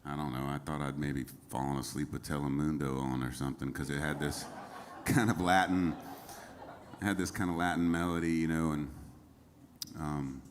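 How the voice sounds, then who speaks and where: A man's voice: extremely low pitch, steady tone, normal speed, a little hiss or hum. A man, a singer-songwriter, telling easygoing, rambling stories between songs while seated on a music venue stage. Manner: rambling, easygoing storytelling with frequent fillers. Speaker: singer-songwriter performing a livestreamed show. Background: faint guitar.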